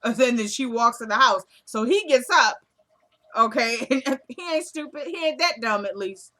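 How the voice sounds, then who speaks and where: A woman's voice: on the high side, expressive, normal speed, pushed and bright. A woman giving a casual, chatty recap of a TV episode, with loose asides and plenty of "like" and "you know.".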